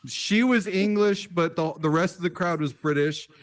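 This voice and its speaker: A man, a stand-up comedian co-hosting a podcast, telling stories in an animated, profane, casual way. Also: sits high, moderate pace. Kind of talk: casual chat.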